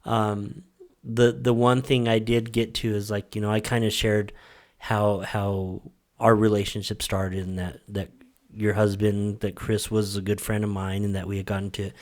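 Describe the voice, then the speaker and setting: A man's voice: lowish voice, normal speed. A man co-hosting a casual podcast chat, telling a story animatedly and acting out what others said. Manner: animated storyteller, acts out quoted voices. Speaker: podcast co-host.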